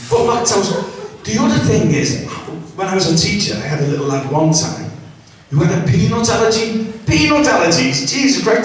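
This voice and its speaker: A man doing crude, chatty stand-up and talking to the audience by name. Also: a little high. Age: 60s. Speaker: stand-up comedian. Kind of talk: open mic stand-up. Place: small comedy club. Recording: very echoey room from far off.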